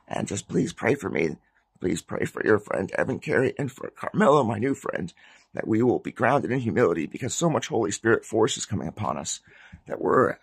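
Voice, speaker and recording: A man talking earnestly to his viewers in an informal religious vlog, rambling and getting sidetracked, moving between hushed confiding and loud, excited urging. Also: on the low side, creaky, breathy edge, dry recording. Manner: emotional swings from hushed to near shouting. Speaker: Christian vlogger.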